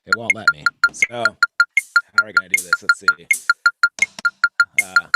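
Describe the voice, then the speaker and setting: A man's voice: lowish voice, huge pitch swings, measured pace, loud music behind the voice. A man leading a livestream drum lesson, talking casually as he explains stickings and counts the group in. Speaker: drum instructor.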